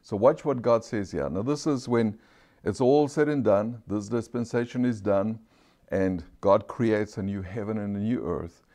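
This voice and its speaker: A male preacher with a fairly low pitch and warm tone speaks in a non-standard English accent. Through his sermon he asks the congregation questions, calls for amens, and slows dramatically to stress important phrases.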